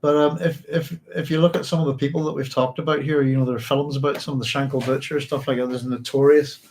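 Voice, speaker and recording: A middle-aged man from Northern Ireland whose accent blends Northern Irish and English sounds. He talks in a tired, reflective way to his audience, stopping and restarting his sentences often, at a mid-range pitch. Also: flat delivery, a little mellow. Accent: mixed Northern Irish and English. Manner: halting, many restarts and fillers, reflective. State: physically tired. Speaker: podcast host. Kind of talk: emotional personal storytelling to a live audience.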